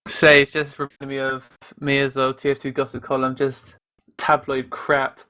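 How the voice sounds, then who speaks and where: A man's voice: mid-range voice, completely flat delivery, normal speed, sharp tone. A man, a guest player, joking and giggling in a casual post-match chat over online voice chat.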